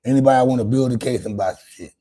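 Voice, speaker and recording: A man's voice: medium pitch, rapid-fire, mellow. A man hosting his own livestream, talking loosely and profanely to his chat, rambling with lots of restarts. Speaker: livestream host. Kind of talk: casual livestream monologue.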